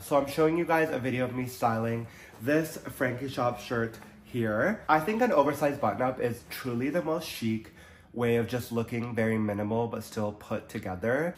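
A young man chats to camera about his wardrobe, sounding stuffy and nasal from allergies. His pitch sits mid-range and he talks in an easygoing, upbeat way, with lots of filler words. A faint noise hums under the recording. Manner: chatty, many "like" fillers, upbeat. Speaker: fashion vlogger. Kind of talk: casual chat to camera. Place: Toronto.

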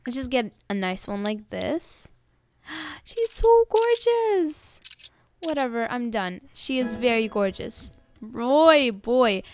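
A young woman giving casual gameplay commentary, excitable and gushing as she talks to her viewers. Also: a little high, a little slow, smooth. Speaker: gaming video host.

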